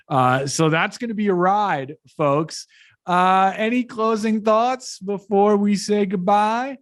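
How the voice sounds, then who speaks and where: A man hosts a podcast panel in a slightly high voice. He speaks slowly and in a relaxed, chatty way, with plenty of fillers. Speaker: podcast host. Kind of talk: casual panel chat.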